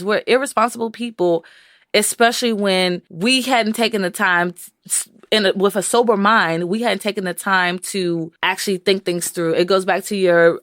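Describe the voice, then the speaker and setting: Animated woman podcast co-host, dry sound. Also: dry recording. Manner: animated, acts out quoted voices in high pitch. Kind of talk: casual chat.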